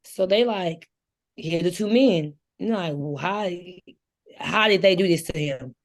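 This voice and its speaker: Guest: woman, lowish voice, animated, laughs easily, casual book chat. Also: measured pace.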